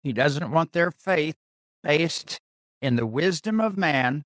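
Slow, deliberate male Bible teacher. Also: fairly high pitch, animated, a bit bright, dry recording, studio quality. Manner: deliberate, pausing, repeats key phrases.

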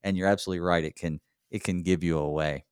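A man from North Carolina with a Southern US accent, hosting a conversational Bible study in a chatty, relaxed way. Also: deep voice, quick pace, clear, resonant tone, no echo, studio quality.

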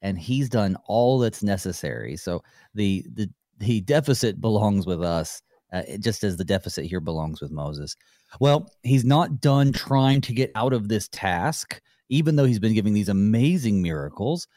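A man hosting a Bible study discussion, reading scripture aloud in a measured, reflective way. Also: on the low side, animated, warm tone, no room sound, clean studio sound. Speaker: host.

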